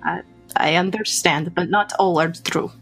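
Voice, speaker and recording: A woman's voice: lowish voice, fairly even intonation, measured pace, vocal fry, a bit bright, husky, soft background music, exaggerated voice. A woman voicing a proud, formal Russian vampire woman, in clipped broken English with a Russian accent. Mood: earnest.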